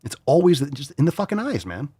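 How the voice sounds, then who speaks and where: A blunt, profane man holds forth as a podcast host. His pitch swings widely as he scoffs. The sound is dry and close. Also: wildly swooping pitch, fairly quick, mellow, slightly rough, no echo. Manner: blunt, profane, mocking voices for emphasis. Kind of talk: casual opinionated chat.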